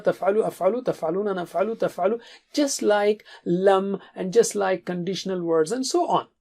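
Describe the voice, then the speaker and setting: A man teaching an Arabic grammar lesson in English, repeating short drills in a steady rhythm and mixing Arabic terms into his explanations. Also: high-pitched. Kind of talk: classroom lesson.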